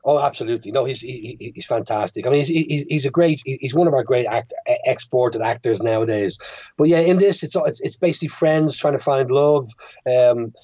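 A man's voice: mid-range voice, fairly quick, a little mellow, no room sound, muffled recording. A man with an Irish accent, a guest filmmaker chatting on a podcast, hesitant and full of restarts and fillers. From Ireland. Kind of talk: casual podcast chat.

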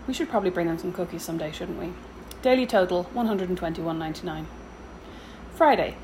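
A woman's voice: lowish voice, fast talker, background noise. A woman, reading her weekly spending diary aloud with dry, sarcastic asides and a slight sore throat. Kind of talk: scripted diary narration.

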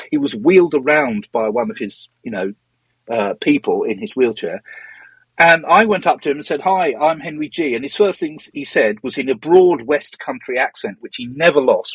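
A middle-aged former magazine editor, appearing as an interview guest, tells casual anecdotes in a husky, slightly breathy mid-range voice. He rambles from tangent to tangent, full of ums, false starts and restarts. The sound is dry and close, without room echo.

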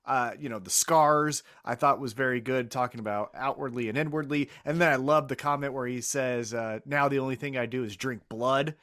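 A man's voice: mid-range voice, fairly even intonation, fairly quick, few pauses, a bit bright, no echo, clean studio sound. A man co-hosting a casual wrestling podcast, enthusiastic and blunt, swearing now and then. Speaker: podcast co-host.

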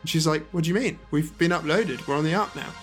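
A man's voice: fairly high pitch, fast, soft background music. A man chatting casually as a podcast co-host, telling a story and acting out characters' lines. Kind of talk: casual chat.

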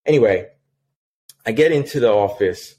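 A man's voice: on the low side, moderate pace, husky. A man telling a work story in a casual podcast chat, with lots of fillers, acting out a phone call. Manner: animated, many fillers, acts out a phone call. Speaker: podcast guest, sales manager.

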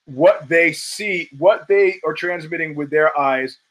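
An American host talks slowly through a casual storytelling monologue, swearing freely and acting out the people he quotes. His pitch leans high, and the recording quality is low.

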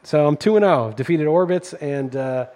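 This podcast host is a middle-aged man whose fairly high voice has a darkish tone and a moderate pace. Chatting casually, he tells an indignant story, his rant growing more intense as it rolls on.

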